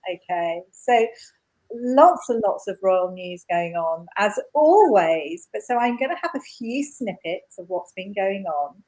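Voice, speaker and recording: A woman with a mid-pitched voice, speaking from a studio. She presents royal news in a chatty, enthusiastic way. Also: sing-song, unhurried, mellow, low-quality recording. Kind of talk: casual news chat.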